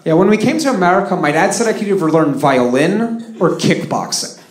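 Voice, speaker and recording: A man in his thirties from Russia doing live stand-up comedy, lively with flat deadpan punchlines. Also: sits high, a little fast. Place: comedy stage before a live audience. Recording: roomy live venue with crowd laughter.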